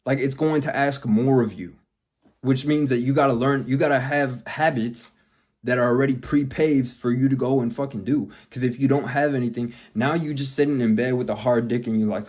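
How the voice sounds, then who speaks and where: Vlogger man on a rant, swears a lot, blunt and emphatic, mid pitch. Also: fairly even intonation, normal speed, darkish tone. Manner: blunt, heavily profane and emphatic. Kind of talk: profane motivational rant.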